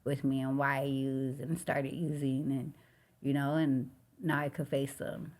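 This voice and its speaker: A woman from Los Angeles with a low voice, speaking openly as a guest on a podcast. She tells a personal story in a loose, casual flow that is full of "like" and "you know." Her talk sounds heartfelt and unpolished. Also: level tone, unhurried, a little mellow. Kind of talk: candid personal recovery story.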